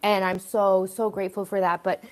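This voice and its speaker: A woman's voice: mid-range voice, flat delivery, moderate pace. A middle-aged woman hosting a casual live stream, rambling and chatty with lots of "like" and "you know" as she talks about her home. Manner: rambling, chatty, many fillers. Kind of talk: casual live-stream chat while tidying.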